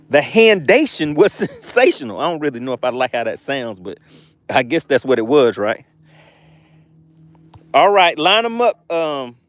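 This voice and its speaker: A man hosting a live fishing stream outdoors, reading viewer chat aloud and teasing them playfully. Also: on the high side. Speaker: fishing livestream host. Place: outdoors by the water.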